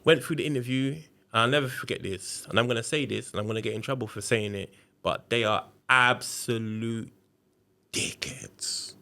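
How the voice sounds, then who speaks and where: A man's voice: mid-range voice, fairly quick, vocal fry, sharp tone. A man tells a long story on a podcast. He talks in a casual, slangy way and leans into it. He jumps into the voices of everyone he quotes. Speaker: podcast guest.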